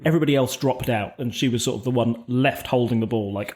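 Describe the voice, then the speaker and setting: A man co-hosting a podcast, explaining political events in a measured, conversational way with frequent restarts. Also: mid-range voice, a little mellow. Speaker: podcast co-host. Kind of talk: casual political discussion.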